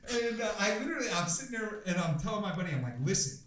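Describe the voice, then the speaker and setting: A man in his twenties, a guest on a podcast, tells a story in a casual, profane, animated way and acts out the quoted lines. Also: high-pitched, racing. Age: 20s. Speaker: podcast guest, pro MMA fighter. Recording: roomy room, faint noise.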